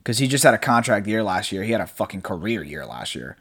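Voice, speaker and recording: A man's voice: fairly low pitch, big pitch swings, fast, fairly bright tone, breathy edge. Laid-back young man chatting on a podcast. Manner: rambling, laid-back, swears casually, laughs often. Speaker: podcast host. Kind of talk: casual solo podcast chat. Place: apartment room at home.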